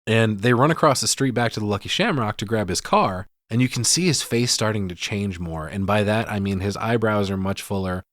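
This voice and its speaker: A man's voice: lowish voice, fairly quick, hardly any pauses, fairly bright tone, dry recording. Man, podcast host, casual movie recap, sarcastic, swearing, dry close sound.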